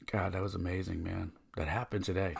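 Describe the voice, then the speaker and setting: A man's voice: sits low, vocal fry, fairly bright tone, a little hiss or hum. A man hosting a podcast, sharing a personal story in an earnest, emotional way. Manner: earnest, emotional, thinking aloud. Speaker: podcast host.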